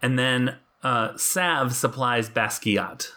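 A man's voice: medium pitch, slow, sharp tone. A man co-hosting a casual podcast, talking in a wry, joking way and laughing often. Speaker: podcast co-host. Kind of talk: casual chat.

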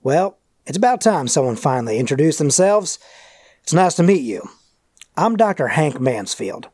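A man's voice: a little high, sing-song, a little mellow, no room sound, clean studio sound. A man voicing an earnest male doctor who leads an occult investigation, speaking in a put-on accent and often restarting his sentences. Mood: dry. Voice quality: halting, restarts mid-sentence.

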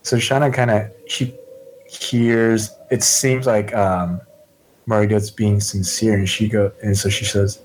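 A man's voice: on the low side, little pitch movement, takes it slowly, a little hiss or hum, poor audio. Hesitant man describing his character's moves. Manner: hesitant, filler-heavy description. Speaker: player. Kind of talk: playing a tabletop game.

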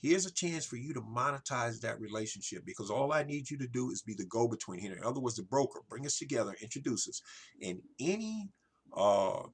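Gravelly salesy male podcast host. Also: medium pitch. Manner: salesy, repeats "ladies and gentlemen". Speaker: podcast host, marketing consultant. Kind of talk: solo podcast monologue.

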